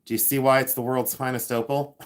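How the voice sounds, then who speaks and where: A talkative man hosting a live stream, excitable and loose, restarting sentences as he thinks aloud. His pitch sits right in the ordinary middle for a man. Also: brisk. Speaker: livestream host and reseller. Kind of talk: casual live-stream chat reading viewer comments.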